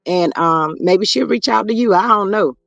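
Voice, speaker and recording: This gossip livestream host has a high, gravelly, somewhat bright voice at a normal speed, with no room sound. Chatting casually with his audience, he reads comments aloud and drops drawling asides to chat.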